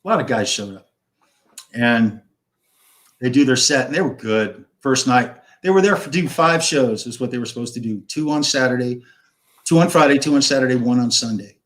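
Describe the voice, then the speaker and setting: A man's voice: mid-range voice, moderate pace, fairly bright tone. Rambling storyteller man in his fifties. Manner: rambling, swears freely, acts out quoted dialogue. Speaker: guest. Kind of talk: casual storytelling on a live stream.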